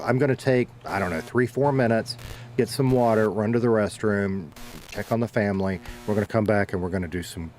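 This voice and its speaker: A man with a Southern American drawl and a lowish voice, talking in a relaxed, rambling way to his viewers. He swears casually and keeps things chill, with faint music under him. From Southern United States. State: dehydrated. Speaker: streamer. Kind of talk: casual chat with stream chat.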